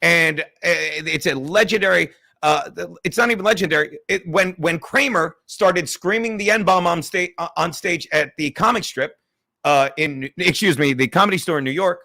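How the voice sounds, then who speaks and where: A man's voice: fairly high pitch, normal speed, sharp tone. A middle-aged man hosting a livestream, ranting profanely and reading out viewer chats. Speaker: livestream host.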